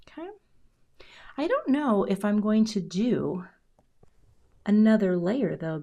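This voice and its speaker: Middle-aged woman, crafting vlogger, casual narration that slides into quiet whispering mid-task. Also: lowish voice, gravelly. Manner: drops into whispers while concentrating. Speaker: card-making crafter.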